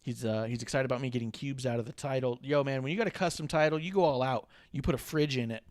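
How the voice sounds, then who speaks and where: A man's voice: medium pitch, fast, darkish tone, no echo. A man hosting a casual podcast, recapping with a joking, rambling manner on a close mic. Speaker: podcast host. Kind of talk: casual chat.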